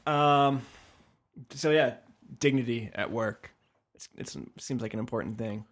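A man's voice: medium pitch, measured pace. A man co-hosting a podcast in casual conversation, thoughtful and hedging, often restarting his sentences as he works through ideas. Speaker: podcast co-host.

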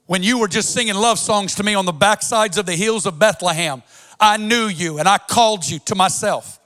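Bright, high-voiced impassioned male preacher. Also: moderate pace. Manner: impassioned, sing-song preaching cadence. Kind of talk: sermon.

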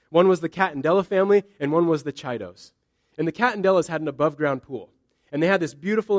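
This sermon comes from a man pastoring a church, who drives his points home by repeating phrases with emphasis. He speaks a bit higher than the typical male voice.

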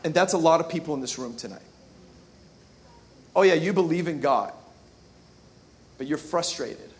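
A man's voice: on the high side, moderate pace. A male pastor giving an impassioned sermon, calling out to the congregation to repeat words and answer back. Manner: impassioned preaching with call-and-response.

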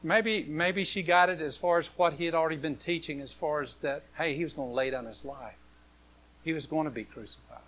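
A man preaching a sermon, swinging from loud, impassioned passages to hushed ones. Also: on the high side, fairly quick. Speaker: pastor.

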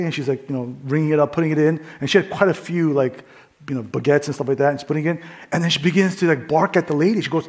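A man's voice: a little high, fast. A male pastor preaching a sermon in a casual, conversational way, with many fillers, telling a story and acting out the voices in it. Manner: drops to a soft hush in prayer.

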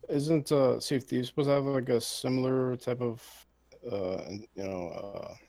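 Gravelly, hesitant male podcaster. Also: mid-range voice, moderate pace, warm tone, no room sound. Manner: hesitant, filler-heavy.

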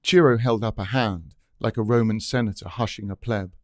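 A man's voice: lowish voice, normal speed, darkish tone, no room sound. A man reading his own essay aloud in a dry, wry, scripted narration.

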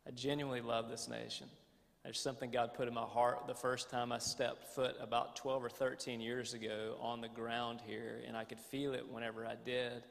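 A man's voice: mid-range voice, flat delivery, moderate pace, creaky, hardly any pauses. A man with a Southern American accent, a guest pastor opening a sermon in a folksy, self-joking way. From United States. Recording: long church hall reverb.

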